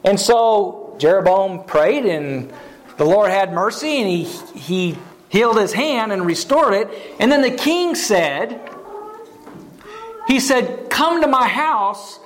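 A man preaches a sermon, retelling a story and stopping to ask his listeners questions. His voice sits very high, and he often repeats words as he goes. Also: expressive, takes it slowly.

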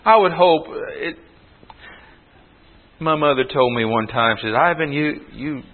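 A man's voice: fairly high pitch, animated, unhurried. A man preaching a sermon to his congregation in an earnest, emphatic way. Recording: tinny phone-like sound with long hall reverb.

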